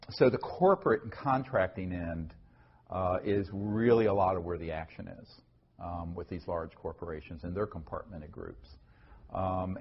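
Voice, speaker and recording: A man's voice: deep voice, husky. A man speaking earnestly at a talk, conversational with many fillers and restarts, answering an audience question. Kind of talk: lecture and Q&A answer. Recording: dull lo-fi recording.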